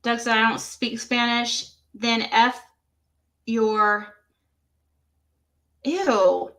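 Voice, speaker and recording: A woman's voice: fairly high pitch, flat delivery, takes it slowly, pushed and bright. A woman hosting a livestream, reading text messages aloud and reacting to them with exclamations and laughter. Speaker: livestream host.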